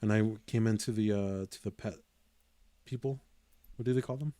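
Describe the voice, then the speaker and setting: A man co-hosts a podcast in casual chat, speaking hesitantly as he searches for words. His voice is lowish and dark in tone, at a normal pace.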